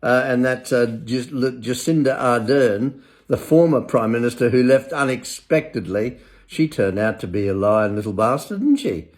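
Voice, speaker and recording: A man's voice: medium pitch, normal speed, a little mellow. Older guy ranting on his own, blunt, sweary, sarcastic. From England. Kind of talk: ranting monologue.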